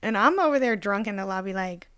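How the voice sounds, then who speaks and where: A woman's voice: medium pitch, animated, fast talker, a bit bright, clean tone, no echo, clean studio sound. A young woman co-hosting a casual podcast, telling a story animatedly with lots of "like" fillers and acting out the voices of people in it. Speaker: podcast co-host.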